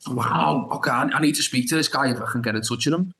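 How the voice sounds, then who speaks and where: A man's voice: mid-range voice, a little fast, fairly bright tone, poor audio. A young man tells a long story as a guest on a podcast. He rambles through restarts and filler like "da da da", and he acts out his own reactions along the way. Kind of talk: animated anecdote storytelling.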